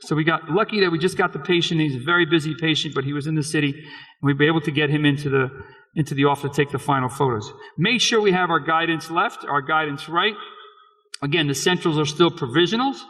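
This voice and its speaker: A man's voice: on the high side, quick pace, a bit bright. A man presenting dental case slides at a conference lecture, speaking in a conversational, frank way with frequent restarts. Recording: long reverb of a lecture hall.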